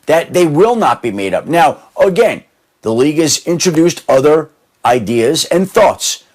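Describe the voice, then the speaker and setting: A man talking as a sports analyst, weighing possibilities in a measured way with a few restarts. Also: a little high, very animated, darkish tone. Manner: measured, thinking aloud with restarts. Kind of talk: studio sports talk.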